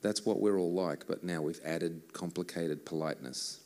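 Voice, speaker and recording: A man's voice: sits low, moderate pace, a little mellow. A man, a worship musician chatting between songs at a church service in a joking, self-mocking way. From Australia. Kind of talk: casual stage banter between songs.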